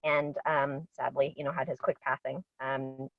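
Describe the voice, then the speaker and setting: A woman's voice: very deep voice, flat delivery, normal speed, no echo. A woman, an actress, chatting in an interview over a video call, bubbly and full of ums and laughs. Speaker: actress guest. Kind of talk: casual interview chat. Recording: dull, dry lo-fi audio.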